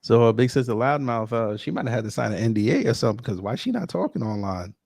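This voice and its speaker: A man's voice: medium pitch, animated, fast, creaky, darkish tone, dry recording, studio quality. A man chatting casually as a guest on a call-in show, joking and stumbling over his words. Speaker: guest contributor. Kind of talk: casual chat.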